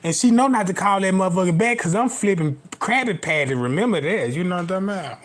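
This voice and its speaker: A man's voice: high-pitched, expressive, fast talker. A young man telling a crude, rambling comic story, laughing at his own jokes and constantly checking whether the listener follows him. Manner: profane, rambling, keeps asking "you know what I'm talking about".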